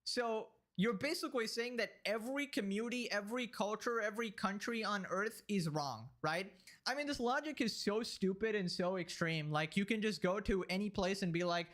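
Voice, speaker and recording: A man's voice: sits high, expressive, moderate pace, fairly bright tone. A man hosting a reaction commentary, talking in a sarcastic, mocking and profane way. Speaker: commentary channel host.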